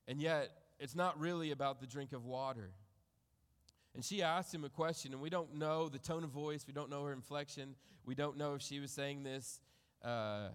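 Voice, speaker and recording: Reading scripture and then reflecting on it, a pastor speaks at a measured pace in a medium-pitched voice, letting each phrase fade softly. The recording has a big-room sound.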